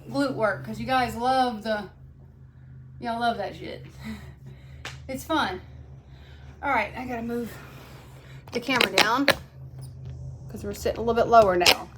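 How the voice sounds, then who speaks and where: A woman's voice: high-pitched, background noise. Breathless chatty woman fitness coach. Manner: chatty, blunt, swears casually, counts reps aloud. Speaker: fitness instructor. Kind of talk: casual workout instruction. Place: home workout room.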